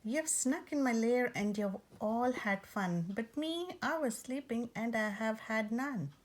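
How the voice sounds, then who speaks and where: A woman's voice: a little high, lively intonation, unhurried, pitched above the performer's own voice. A woman voicing a big grumpy male bear in a storybook, whining and complaining. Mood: sulky. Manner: whiny, complaining.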